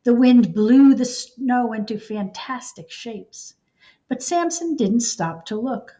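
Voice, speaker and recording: A woman reading a children's storybook aloud in an expressive, unhurried way. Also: on the high side. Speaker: storybook reader.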